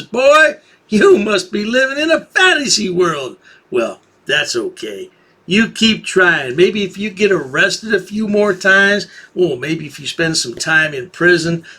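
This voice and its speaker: Sarcastic husky-voiced man mocking. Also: high-pitched, pushed and bright. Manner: sarcastic, taunting. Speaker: commentary channel host. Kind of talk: mocking video commentary.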